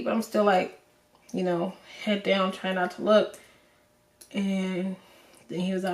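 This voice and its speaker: A young woman vlogger telling a personal story to the camera in an emotional, halting way, full of fillers. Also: mid-range voice, level tone, darkish tone. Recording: roomy echo, voice from a distance.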